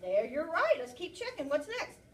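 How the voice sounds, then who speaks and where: A kindergarten teacher reading a picture book aloud to young children, asking them lots of animated, coaxing questions in a classroom. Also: female voice, sits high, moderate pace, far from the mic, slight background noise.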